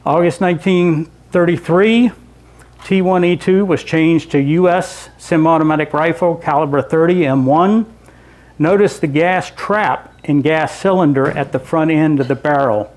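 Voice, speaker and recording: A man's voice: a little high, a little slow, darkish tone. A man giving a casual, conversational history lecture with slides, explaining step by step and turning to the audience with asides. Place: library lecture room.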